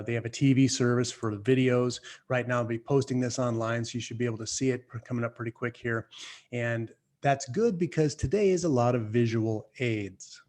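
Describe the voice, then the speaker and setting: A man hosting a talk radio show, with a voice of middling pitch. He is folksy and opinionated, and mixes jokes into his remarks to listeners. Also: a little mellow. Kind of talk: talk radio monologue and banter.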